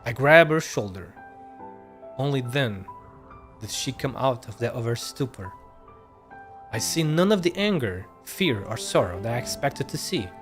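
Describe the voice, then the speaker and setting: A man streaming a game, reading each line of dialogue out loud. His voice sits at an ordinary middle pitch, and he sometimes stumbles and goes back to correct a word. Soft game music plays faintly behind him. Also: very animated, unhurried, long pauses. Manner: reads lines aloud, stumbles and corrects himself.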